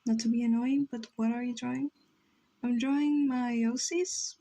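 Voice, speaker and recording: Mellow-voiced young woman chatting on stream. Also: on the high side, fairly even intonation, normal speed, poor audio. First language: Spanish. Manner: rambling, reads chat aloud, many "like" fillers. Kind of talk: casual livestream chat while drawing.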